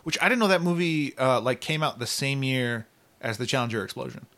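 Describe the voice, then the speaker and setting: A man's voice: mid-range voice, animated, a little fast, fairly bright tone. A man as a podcast guest in casual chat, telling stories in a laid-back way with dry jokes.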